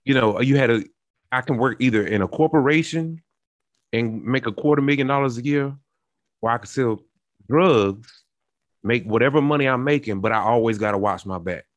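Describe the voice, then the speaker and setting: A young man talks it through, earnest and searching, stopping and restarting as he builds examples. His voice sits at a middle pitch, and the recording is close and dry with no room sound. He sounds like a host in casual conversation. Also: moderate pace, dry recording. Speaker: podcast host.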